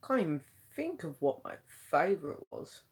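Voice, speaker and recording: A man's voice: a little high, big pitch swings, normal speed, breathy edge. A young man hosting a casual live chat, reading out viewers' comments in a chatty, meandering way with many ums. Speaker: live-stream host.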